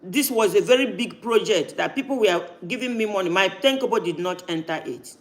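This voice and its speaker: High-voiced man hosting. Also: lively intonation, fairly quick, fairly bright tone. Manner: insistent, cuts in with repeated no's. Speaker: live-stream host. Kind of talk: heated live-stream talk.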